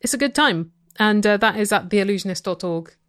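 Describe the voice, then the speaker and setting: A woman's voice: mid-range voice, animated, brisk, a bit bright. A woman co-hosting a podcast in casual chat, with dry, sweary humor. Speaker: podcast co-host.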